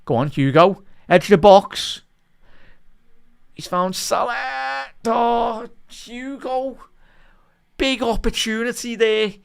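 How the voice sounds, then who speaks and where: Man, high smooth voice, live fan match commentary, excitable, mutters then shouts. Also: slow pace, pauses often. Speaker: watch-along match commentator.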